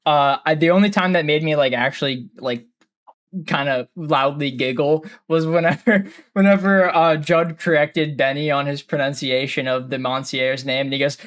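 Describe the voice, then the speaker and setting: A man's voice: on the high side, fairly even intonation, moderate pace, a bit bright. A man co-hosting a podcast in casual chat, rambling and self-deprecating, laughing often. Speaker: podcast co-host.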